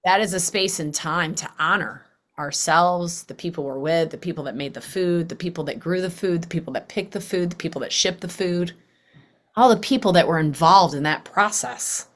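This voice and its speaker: Lively woman podcast host. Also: on the low side, moderate pace. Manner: animated, acts out quoted voices. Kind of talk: casual conversational interview.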